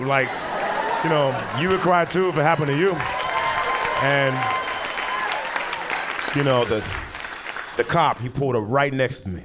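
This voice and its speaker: With a mid-range voice, a moderate pace and long pauses, this young comedian performs a relaxed, chatty set on a comedy club stage, doing voices for people in his tales. Crowd noise, laughter, applause and a background hum come through from the live audience.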